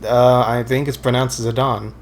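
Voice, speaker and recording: A man's voice: medium pitch, steady tone, normal speed, soft background music. A man casually commenting while playing a video game, rambling and correcting himself, with dry teasing jokes. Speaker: let's play co-host.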